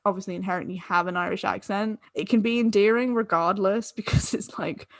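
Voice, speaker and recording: A woman's voice: mid-range voice, steady tone, a little fast, dry recording. Woman co-host, a bit tipsy, giggly ramble, dry close mic. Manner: rambling, laughs mid-sentence. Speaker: podcast co-host. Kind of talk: casual chat.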